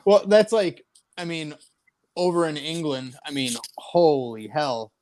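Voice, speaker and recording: American male guest, easygoing talker, pitch a touch high. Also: expressive, unhurried, a little mellow. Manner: chatty, laughs easily. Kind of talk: casual livestream chat.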